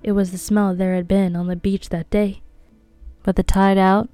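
A woman reading a novel aloud, with a tense, hushed delivery of the characters' inner thoughts. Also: mid-range voice, little pitch movement, moderate pace, smooth, dry recording, faint music behind. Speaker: audiobook reader.

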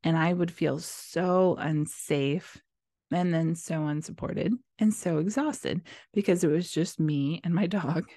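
A woman's voice: low-pitched, dark tone, no room sound, clean studio sound. A woman in her thirties hosting a podcast, telling candid stories from her marriage and acting out past arguments. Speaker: podcast host. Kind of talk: personal storytelling podcast.

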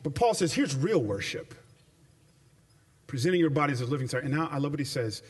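A man delivers a sermon with emphatic, punchy phrasing, drawing out key words before speeding through stretches of storytelling. His voice sits fairly high, and he drops into loose, colloquial asides. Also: sing-song. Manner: emphatic, shifts between slow stressed phrases and rapid runs. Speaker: preacher.

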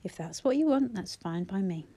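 Woman reading as a caring grown son; soft, soothing, a little higher, mellow. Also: animated, moderate pace, natural voice.

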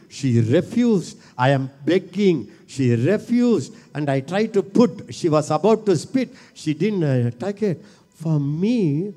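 A man preaching a sermon, fervent and repetitive, rising at times to shouts. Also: a little high. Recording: long hall reverb.

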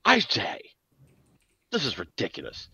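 Man putting on a pompous posh old gentleman. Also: medium pitch, wildly swooping pitch, a little slow, vocal fry, husky, dry recording, clean studio sound, heavily acted. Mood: haughty. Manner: haughty, affected, prim.

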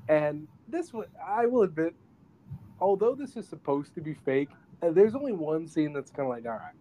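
A man co-hosting a podcast, chatting casually as he retells a film scene by scene. He talks in an animated way and keeps jumping into brief voice impressions of the characters. A faint background ambience sits under his voice. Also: fairly high pitch, normal speed, a little hiss or hum. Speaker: podcast co-host reviewing a film. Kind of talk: casual chat.

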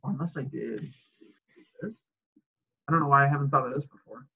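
A man's voice: medium pitch, moderate pace, gravelly, slightly rough, muffled recording. A man in casual chat, rambling and laughing often as he acts out quoted exchanges.

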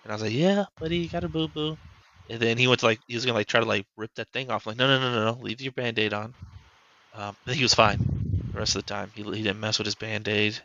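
In a flat but bright, forceful voice pitched on the low side, a fast-talking podcast host tells a story about being a dad. He rambles loosely and fills it with "like." The sound is lo-fi.

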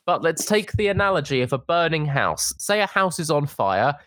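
A man's voice: a little high, very animated, normal speed, fairly bright tone, slight background noise. A young man co-hosting a casual podcast, talking in an indignant, sarcastic way. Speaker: podcast co-host. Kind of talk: casual opinion chat.

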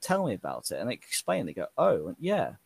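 A man's voice: mid-range voice, wildly swooping pitch, brisk, creaky, breathy edge. A man, talking earnestly and from the heart in a casual chat, his voice rising whenever he quotes himself. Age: 30s.

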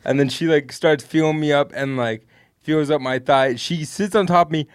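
A man's voice: on the high side, normal speed, clear, resonant tone, no echo, clean studio sound. A young man on a podcast, casually telling a long story to friends, rambling with lots of fillers and swearing. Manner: rambling, laid-back, heavy swearing and fillers. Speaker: podcast co-host.

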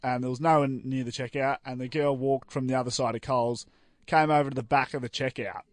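A man's voice: mid-range voice, steady tone, fairly quick, no room sound, clean studio sound. A young Australian man co-hosting a community radio show, telling rambling stories with lots of ums and giggles. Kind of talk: casual banter.

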